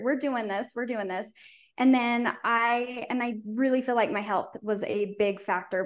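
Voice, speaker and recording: A middle-aged woman from rural Utah, a guest in a casual interview, telling stories earnestly and talkatively with frequent restarts. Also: fairly high pitch.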